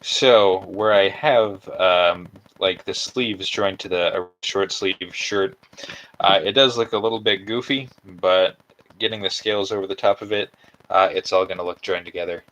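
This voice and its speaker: A man with a low, steady, slightly bright voice chats casually on a livestream at normal speed while building a cosplay costume by hand. He rambles and fills his talk with fillers as he works, and the recording is rough.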